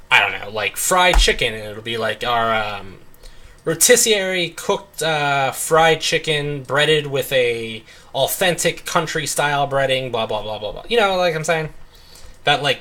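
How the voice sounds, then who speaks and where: A man's voice: medium pitch, bright, forceful tone. A young man chatting casually while playing a game, rambling and filling his talk with "like" and "um". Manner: rambling, full of "like" and "um". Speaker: let's play host. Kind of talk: casual chat while gaming.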